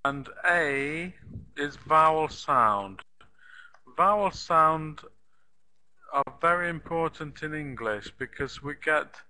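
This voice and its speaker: A man teaching an elementary English lesson online, speaking slowly and patiently, repeating words and spelling them out letter by letter. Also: a little high, sharp tone, low-quality recording.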